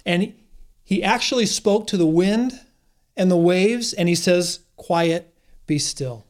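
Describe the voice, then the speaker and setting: A man's voice: high-pitched, measured pace. A man preaching a sermon in an earnest, encouraging way, often restarting his phrases. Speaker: pastor.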